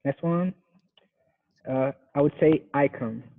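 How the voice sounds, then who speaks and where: A Brazilian man whose first language is Portuguese practices English words, repeating each one carefully. He speaks very slowly and checks whether he got it right. His voice comes through a thin, phone-like video call. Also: on the high side. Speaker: software engineer learning English. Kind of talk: pronunciation practice.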